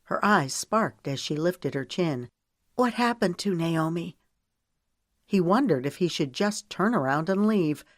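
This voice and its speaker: Woman reading a love story aloud, low voice, dry close sound. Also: expressive, unhurried, few pauses, dry recording. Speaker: audiobook narrator. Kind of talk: scripted romance narration.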